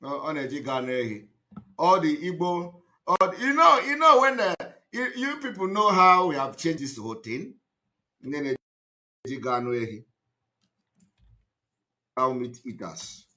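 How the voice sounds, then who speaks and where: A man giving a live broadcast monologue, emphatic and repetitive, breaking into shouted outbursts. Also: on the high side, expressive, unhurried, pauses often. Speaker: activist broadcaster.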